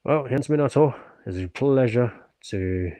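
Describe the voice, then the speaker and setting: A British man with a medium-pitched, dark, expressive voice talks unhurriedly on his livestream in a dry recording. Fresh from stretching, he responds to viewers with earnest politeness and frequent thanks while working out.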